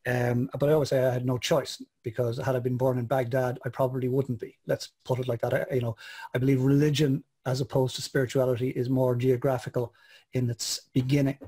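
An Irish man hosts an online interview in a husky, mid-pitched voice. He muses on his guest's story with halting pauses and fillers. His tone is conversational and considered. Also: little pitch movement, dark tone. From Ireland. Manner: reflective, halting, many fillers. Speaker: host.

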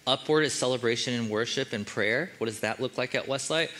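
A man's voice: mid-range voice, brisk, fairly bright tone. A man preaching a sermon as the church's pastor, in a casual, joking and conversational way.

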